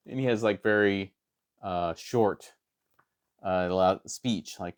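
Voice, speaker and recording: A man with a very low voice chats casually as he reviews a comic book. He rambles and hesitates, restarts his sentences, and fills pauses often. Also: clean tone. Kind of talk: casual chat.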